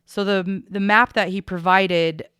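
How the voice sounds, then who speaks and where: A woman co-hosting a true crime podcast, recounting case details in a measured, conversational way. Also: medium pitch, fairly even intonation, a bit bright, smooth, no echo, clean studio sound.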